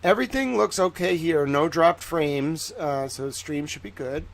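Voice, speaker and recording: A man's voice: fairly high pitch, moderate pace, vocal fry, a little hiss or hum. A man doing casual livestream commentary on legal filings, talking with a put-on Southern drawl. He rambles with joking asides and fills his talk with "like". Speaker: live-stream legal commentator.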